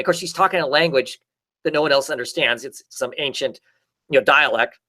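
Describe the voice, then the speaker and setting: A man's voice: a little high, fast talker, pushed and bright. A man in a casual chat, rambling through a comic story with lots of fillers and restarts. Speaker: podcast co-host.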